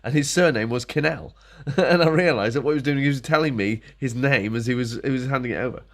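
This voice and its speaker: A man's voice: mid-range voice, fast. A middle-aged man ranting casually to camera, grumbling and sarcastic, muttering to himself as he works. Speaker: vlogger.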